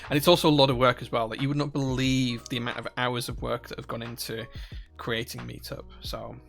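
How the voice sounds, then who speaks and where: Gravelly Northern Irish man chatting on stream. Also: medium pitch, flat delivery, fairly quick, fairly bright tone, faint music behind. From Northern Ireland. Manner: rambling, many restarts and fillers. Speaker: livestream host. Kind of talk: casual live-stream chat, reading chat questions.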